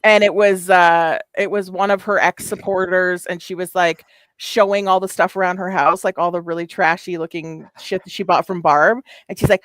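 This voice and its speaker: A woman's voice: fairly low pitch, fairly even intonation, moderate pace, fairly bright tone, dry recording. Profane rambling woman stream host. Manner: profane, rambling, frequent fillers. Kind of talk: casual commentary chat.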